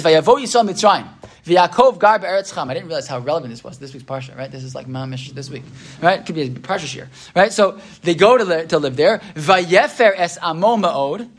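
A man teaching a class, reading texts aloud slowly and explaining them, often checking in with "right?". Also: fairly high pitch, breathy edge. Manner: reads Hebrew texts slowly then explains. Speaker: Torah teacher. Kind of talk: text-based class lecture.

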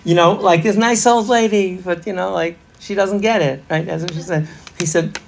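A man's voice: high voice, fairly even intonation, normal speed, gravelly, slight background noise. A middle-aged man leading an interactive parenting workshop, chatty and laughing, quizzing a live audience.

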